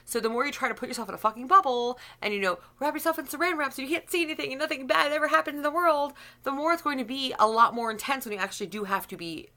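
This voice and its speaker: A woman's voice: sits high, rapid-fire, few pauses, pushed and bright. A woman YouTuber giving a blunt, profane opinion rant to camera, rambling with restarts.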